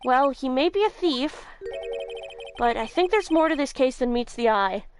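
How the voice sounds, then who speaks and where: A woman voicing a flustered young male defense lawyer, reading game dialogue aloud in a hesitant, stammering, lowered voice. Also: lively intonation, moderate pace, faint music behind. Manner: hesitant, stammering, low put-on voice.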